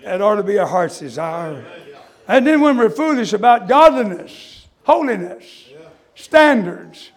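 High-voiced preacher shouting "amen". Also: male voice, very animated, unhurried. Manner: fervent preaching cadence with frequent "uh" and "amen"; swings from hushed confession to shouting. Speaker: preacher giving his testimony. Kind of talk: sermon.

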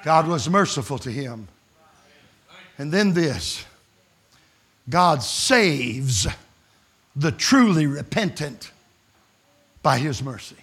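High-pitched preacher shouting revival sermon. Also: male voice. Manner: swings from hushed pleading to shouted exclamations. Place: camp meeting.

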